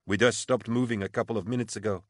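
A man's voice: lowish voice, steady tone, fast talker, no room sound, studio quality, voice pushed up, close to an everyday voice. A male narrator voicing a cool-headed woman who leads a crowd of refugees, calling out urgently.

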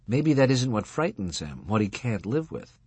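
A man voicing an older rabbi's wife, bitter and defiant, speaking quietly in a clipped, cutting way. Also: fairly low pitch, big pitch swings, moderate pace, husky, no room sound, heavily acted.

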